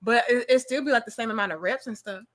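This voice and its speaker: A woman's voice: fairly high pitch, quick pace, a bit bright. A young woman hosting a casual live-stream chat, playful and teasing, laughing often. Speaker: host.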